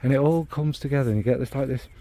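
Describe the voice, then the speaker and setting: Racing along in a mellow, medium-pitched voice, a Northern English man reviews fragrances casually. He meanders in search of descriptive words and talks bluntly, sometimes swearing.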